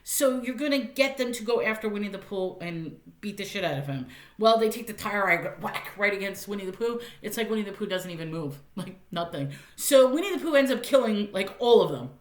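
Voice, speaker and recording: A woman's voice: mid-range voice, lively intonation, a little fast, reverberant. A woman giving a casual, chatty spoken movie review, often laughing and using lots of fillers.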